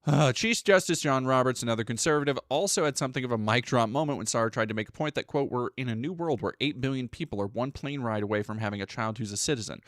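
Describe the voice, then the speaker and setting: A male streamer with a mid-range voice talks close to a dry, dead mic, going back and forth between reading news aloud and cursing sarcastically at it. His asides are loose and profane, and he pauses to thank viewers. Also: medium pitch, a bit bright, no echo.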